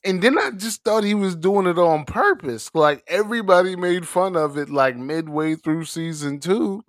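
A man co-hosting a podcast, telling animated stories with quick asides. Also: high voice, no room sound, clean studio sound. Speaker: podcast co-host. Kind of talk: casual chat.

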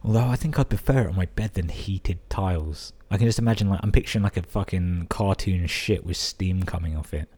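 A man's voice: low voice, a little fast, hardly any pauses, dark tone. A man hosting a podcast, reading out listener emails and breaking in with crude, amused asides. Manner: crude, sweary, amused interjections. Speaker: podcast host.

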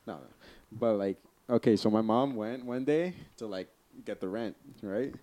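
A man's voice: fairly low pitch, normal speed, mellow, no room sound. A young man telling a ghost story in casual chat, rambling with many fillers and swearing as he goes. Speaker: podcast co-host.

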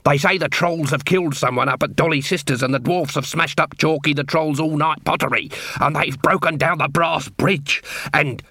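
A man's voice: on the high side, steady tone, moderate pace, bright, forceful tone, no room sound, clean studio sound. Man voicing a shifty male sausage seller, evasive, wheedling, audiobook.

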